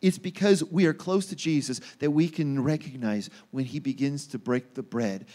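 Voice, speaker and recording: High-voiced animated male preacher. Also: moderate pace, few pauses. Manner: animated, acts out quoted voices with rising pitch. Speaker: pastor. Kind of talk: sermon. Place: church.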